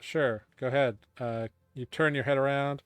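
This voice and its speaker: A man narrating as game master of a tabletop game, relaxed with many fillers. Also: mid-range voice, normal speed, smooth, no room sound.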